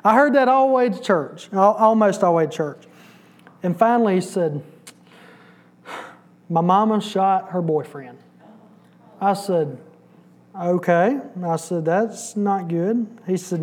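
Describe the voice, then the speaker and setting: A man's voice: sits high, a little mellow. A man giving a testimony in church, storytelling and acting out the dialogue. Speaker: church bus ministry volunteer giving testimony. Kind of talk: sermon testimony.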